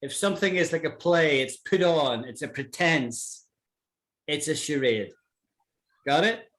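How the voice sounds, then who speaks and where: A British man teaches an online English lesson, patiently and slowly repeating words to model how they sound. His voice is fairly high in pitch and a bit bright.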